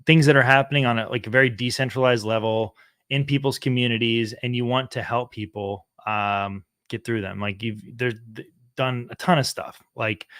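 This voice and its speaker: A man's voice: mid-range voice, fairly bright tone, no echo, clean studio sound. A young man hosting a podcast, rambling in casual interview talk with many fillers. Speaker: podcast host.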